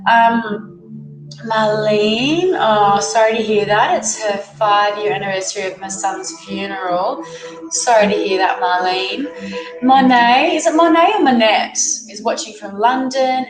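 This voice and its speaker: A woman's voice: mid-range voice, slow. An Australian woman with a cold hosts a casual livestream, greeting viewers by name and reading their comments aloud. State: has a cold. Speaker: livestream host, tarot reader. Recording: echoey room with music playing. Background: music.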